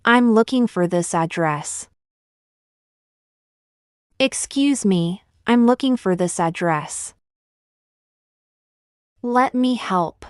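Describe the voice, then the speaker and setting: Female English teacher, very slow and deliberate delivery, smooth voice, dry close mic. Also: lowish voice, animated, a little mellow, no room sound. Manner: slow, deliberate, clearly enunciated. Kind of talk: slow scripted phrase lesson.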